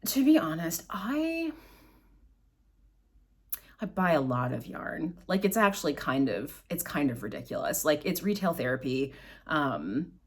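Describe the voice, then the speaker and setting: A woman's voice: deep voice, very animated, unhurried, pauses often, slightly rough. A middle-aged woman hosting her own podcast, chatting in a rambling, self-deprecating way as she tells stories. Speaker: podcast host. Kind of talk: casual chat. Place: at home, in front of bags of yarn.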